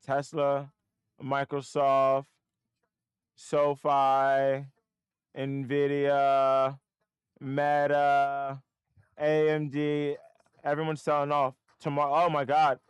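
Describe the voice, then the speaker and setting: A man's voice: fairly high pitch, clean tone, no room sound, studio quality. A man streaming live market trades, muttering to himself and breaking into frustrated, swearing outbursts. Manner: self-critical, talking to himself.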